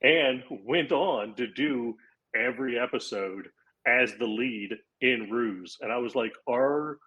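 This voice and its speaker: Husky-voiced man telling a story. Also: medium pitch, unhurried, dull audio. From Florida. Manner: animated anecdote-telling with acted-out quotes and laughs. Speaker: podcast guest, comedian. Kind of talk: casual storytelling chat.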